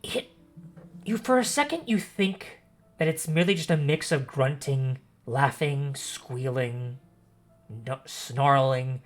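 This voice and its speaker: A man narrating a tabletop game as game master, expressive and pausing often to correct himself. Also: mid-range voice. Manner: expressive narration with frequent self-corrections and fillers.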